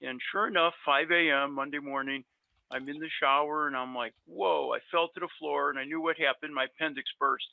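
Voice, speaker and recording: Gravelly man telling stories on a tinny line. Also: fairly high pitch, steady tone, fairly quick, no echo. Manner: rambling anecdotes with many filler words. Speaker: guest dentist. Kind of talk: casual storytelling. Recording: dry tinny phone-like line.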